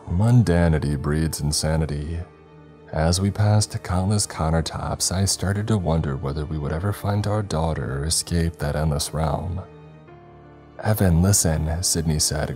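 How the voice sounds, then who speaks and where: A man narrating a first-person horror story in a measured, ominous way. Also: a bass voice, warm tone. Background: faint background music.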